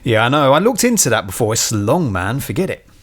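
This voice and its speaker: A man co-hosts a casual film podcast, talking in an emphatic, jokey way and swearing freely. His voice sits at an average pitch for a man, in relaxed banter with his friends. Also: fairly quick. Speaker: podcast co-host.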